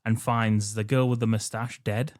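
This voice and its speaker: A man's voice: fairly low pitch, flat delivery, moderate pace, no echo, clean studio sound. A man co-hosting a podcast, recapping a film's plot in a wry, crude way and laughing often. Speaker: podcast co-host. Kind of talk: casual chat recapping a film.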